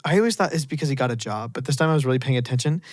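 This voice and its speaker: A podcast co-host chatting casually about a movie, animated and quick to laugh. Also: mid-range voice, no echo, studio quality. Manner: animated, laughs often, acts out quoted lines. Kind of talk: casual movie review chat.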